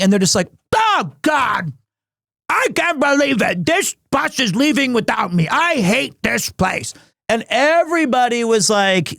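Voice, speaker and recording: A man in his forties, a streamer casually telling a story to his chat, animated, and acting out the people he quotes in funny voices. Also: high voice, dry recording, studio quality. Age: 40s.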